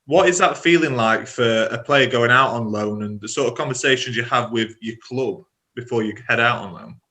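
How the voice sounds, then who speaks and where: A man with a bright, forceful voice hosts a podcast interview. He answers with short reactions, then sets out his questions at length and in full. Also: mid-range voice, moderate pace. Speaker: podcast host. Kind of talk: interview questions in casual chat.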